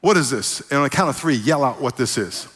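A man's voice: medium pitch, expressive, fast, fairly bright tone, breathy edge. A man preaching a sermon as pastor, joking with the congregation and getting them to call back answers. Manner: playful, jokes with the congregation, call and response. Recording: long hall reverb.

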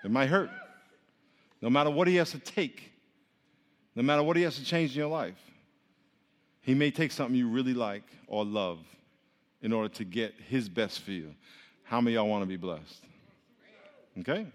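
A man preaching a sermon to his congregation in a casual, conversational way, joking with the crowd and swinging between quiet and loud. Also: mid-range voice. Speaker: pastor. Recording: long hall reverb.

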